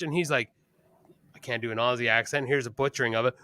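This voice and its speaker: Co-host, Canadian man, forceful bright voice, swears freely while ranting, dry close mic. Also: on the high side, animated, fast talker, dry recording. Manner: blunt, profane, ranting. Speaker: podcast co-host. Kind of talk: casual podcast chat.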